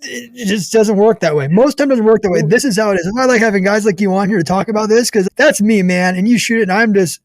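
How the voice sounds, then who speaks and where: Brief: high-pitched male host, excitable and slangy, dry close sound. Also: fast talker, few pauses, no echo. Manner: enthusiastic, slangy, laughs easily. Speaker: podcast host. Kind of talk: casual chat.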